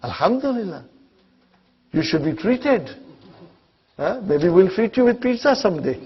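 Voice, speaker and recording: A man teaching an Arabic class, slowly drilling pronunciation with students and encouraging them between phrases. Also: high-pitched, big pitch swings, husky, lo-fi sound. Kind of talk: classroom lesson with live students.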